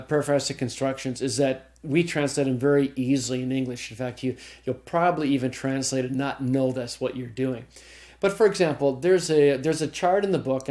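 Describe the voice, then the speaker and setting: A man with a mid-range voice and a darkish tone leads a Greek grammar class in a recorded lecture. His explanations unfold one step at a time, broken by frequent restarts and the occasional "okay?" to make sure students follow.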